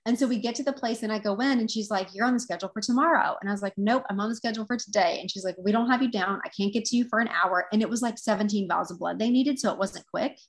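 A woman's voice: mid-range voice, fast talker, hardly any pauses. A woman guest who teaches intuitive development, telling a story in an earnest, reflective casual chat.

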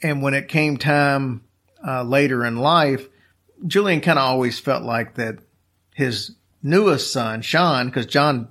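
A man's voice: mid-range voice, a bit bright. A man casually telling a long story as a podcast host, rambling with fillers and restarts.

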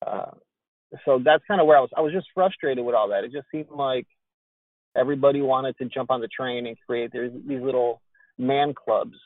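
A man's voice: medium pitch, moderate pace, dry recording. A man guesting on a podcast, talking in an earnest, candid, slightly preachy way about ministry. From Hispanic roots in the US. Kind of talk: casual podcast conversation. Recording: tinny phone-like line.

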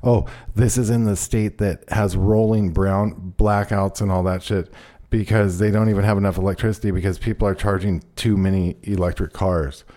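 A man's voice: fairly low pitch, steady tone, moderate pace, dark tone. A male radio show host talking loosely and casually, swearing freely and bantering with his co-host. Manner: loose, profane, laid-back banter.

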